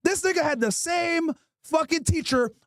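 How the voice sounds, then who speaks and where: A man hosting a podcast, loudly and profanely roasting people with mocking, animated comedy. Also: extremely high pitch, moderate pace, no room sound, clean studio sound. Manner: loud, mocking, animated, swears constantly. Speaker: podcast host.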